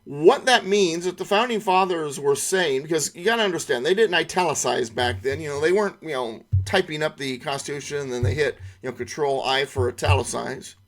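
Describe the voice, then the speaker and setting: A middle-aged man leads an online lesson. He talks emphatically, repeats key words and asks rhetorical questions. His voice sits a little higher than most men's. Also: brisk, few pauses. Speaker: constitution class instructor.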